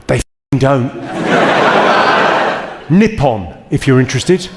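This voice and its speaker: Male English stand-up, deadpan crowd work, echoing live hall. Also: medium pitch. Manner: deadpan, quick comebacks. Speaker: stand-up comedian. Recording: live theatre, long reverb and loud noise.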